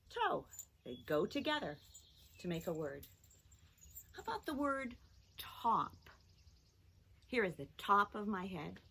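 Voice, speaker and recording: A woman teaching a children's phonics lesson, talking in a slow, sing-song, encouraging way. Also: mid-range voice, fairly bright tone.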